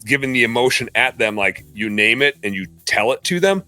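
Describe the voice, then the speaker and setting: A man co-hosting a podcast, talking candidly and at length, often quoting people in lively voices. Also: medium pitch, fairly quick, faint music behind. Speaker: podcast co-host. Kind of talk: casual podcast chat.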